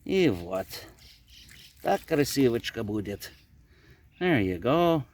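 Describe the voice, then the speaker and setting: A man's voice: medium pitch, big pitch swings, takes it slowly, darkish tone, slight background noise. A man from Canada with a Canadian accent, talking through his day in a casual, rambling vlog outdoors at his garden plot. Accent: Canadian English. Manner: chatty, rambling explanations. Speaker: vlogger.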